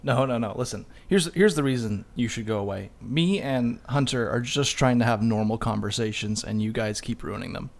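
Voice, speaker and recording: A man's voice: medium pitch, moderate pace, creaky, hardly any pauses. A man co-hosting a podcast, chatting casually with a teasing, laid-back manner and frequent laughter. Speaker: podcast co-host.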